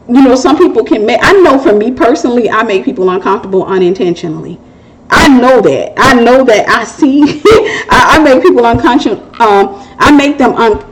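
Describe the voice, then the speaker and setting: A woman's voice: mid-range voice, poor audio. A middle-aged woman hosting a Christian relationship Q&A, giving casual testimony and advice in a candid, joking way and laughing at herself.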